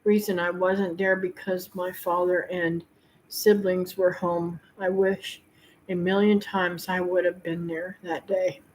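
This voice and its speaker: Heartfelt woman with a lowish voice. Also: flat delivery, darkish tone, a little hiss or hum, poor audio. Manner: heartfelt, rambling, pausing with fillers. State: tearful at times. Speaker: homestead channel host. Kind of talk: emotional personal talk to viewers.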